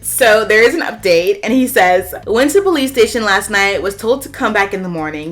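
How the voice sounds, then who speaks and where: A woman reading online posts aloud and reacting to them, with animated, sassy outbursts and big jumps in pitch. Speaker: YouTuber.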